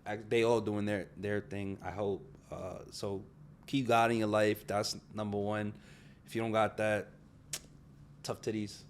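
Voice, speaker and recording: A man's voice: on the low side, little pitch movement, a little slow, a little hiss or hum. A man co-hosting a casual chat podcast, teasing and joking with playful boasts. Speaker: podcast co-host.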